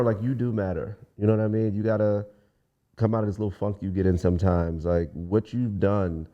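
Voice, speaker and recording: This guest singer, a young Washington DC man, has a fairly low voice heard through lo-fi audio. Chatting casually in a podcast interview, he spins stories and performs the voices of whoever he quotes.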